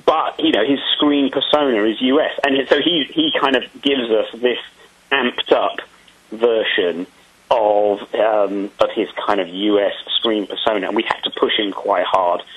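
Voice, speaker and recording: A man being interviewed about making a film, answering in a casual, halting way with many ums and restarts. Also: fairly low pitch, steady tone, husky, phone-quality sound.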